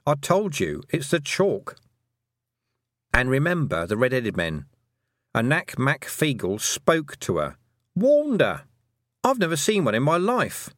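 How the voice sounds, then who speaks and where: A brisk, emphatic witch and schoolteacher, as a male reader puts her on, lecturing in a high, swooping voice that leans hard on its words. The read is close and dry, with no room around it. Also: very animated, fairly bright tone, dry recording. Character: brisk, sharp-tongued woman witch and teacher. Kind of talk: audiobook character voice.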